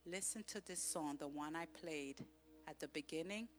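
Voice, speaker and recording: A woman pastor preaching a sermon in church, swinging from loud, impassioned exhortation to soft, intimate speech. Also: deep voice, moderate pace, soft background music.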